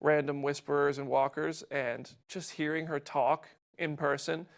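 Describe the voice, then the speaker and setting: A man hosting a casual recap show, talking fast and excitedly with frequent restarts. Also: a little high, gravelly. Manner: fast, excited, talks over co-host with restarts. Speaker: show host.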